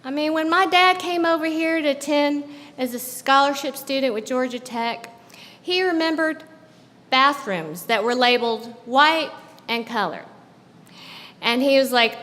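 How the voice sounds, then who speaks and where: High-voiced woman telling stories on stage. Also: measured pace, fairly bright tone, long reverb tail. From American South. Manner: conversational, asks the audience with tag questions. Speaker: guest speaker. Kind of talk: personal storytelling talk on stage. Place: live show at a club venue.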